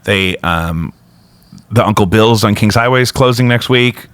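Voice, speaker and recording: A man's voice: measured pace, fairly bright tone, clean tone, no room sound. A man hosting a casual podcast, rambling through stories with jokey asides. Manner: rambling, jokey, prone to sudden high-pitched bits. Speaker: podcast host. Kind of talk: casual chat.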